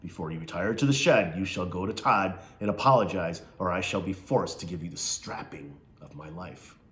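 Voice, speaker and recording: A man's voice: low voice, moderate pace, a bit bright. A man voicing a stern, pompous middle-aged foster mother who scolds in formal, haughty speech. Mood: stern scolding.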